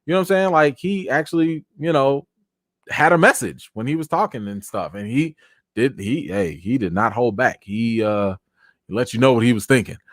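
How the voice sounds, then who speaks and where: Male live-chat host, mid-pitched, animated and chatty, voice tiring, dry close-miked sound. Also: moderate pace, no room sound. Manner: animated, chatty, thanks viewers by name. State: tired, voice wearing out. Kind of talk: casual live chat reading comments.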